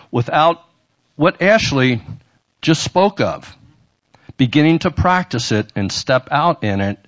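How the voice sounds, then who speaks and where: A man's voice: mid-range voice, highs cut off. A man preaching a sermon after a testimony, emphatic and punchy, repeating his points for force. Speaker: pastor.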